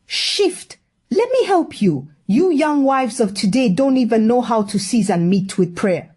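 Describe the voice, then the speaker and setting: A woman's voice: on the high side, big pitch swings, a little slow, darkish tone. A woman voicing a bossy, meddling middle-aged auntie, preachy and scolding with dramatic exclamations.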